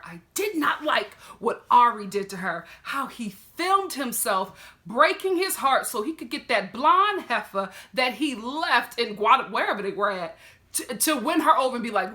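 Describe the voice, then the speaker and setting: A woman's voice: on the high side, expressive, moderate pace, sharp tone. A woman with a Southern US accent giving sassy, emphatic commentary as a vlogger reviewing a reality show. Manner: sassy, emphatic, talks straight to the camera and the show's people. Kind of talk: animated casual commentary.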